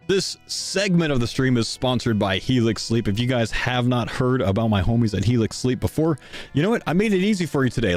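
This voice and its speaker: A young man streaming live, a little out of breath as he chats his way through a sponsor segment. His voice sits at an ordinary middle pitch, loose and conversational. Faint music plays behind him. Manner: casual, chatty, talks to chat.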